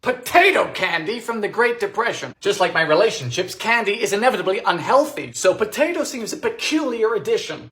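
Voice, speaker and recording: Bright, animated comedic cooking host. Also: male voice, sits high, normal speed, a little hiss or hum. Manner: deadpan quips with sudden loud outbursts. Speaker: vintage recipe cooking host.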